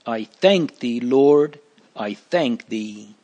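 A man's voice: mid-range voice, lively intonation, extremely slow, dark tone. A man voicing an earnest, fearful young male pilgrim in a storybook reading, pleading and lamenting. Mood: grateful.

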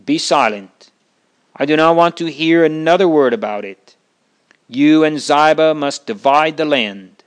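A stern king of old loses patience and snaps orders, as a male storyteller voices him. The delivery is firm and clipped, with a smooth clear tone, in a read-aloud Bible story. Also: medium pitch, takes it slowly, a bit bright. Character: angry, impatient king of old.

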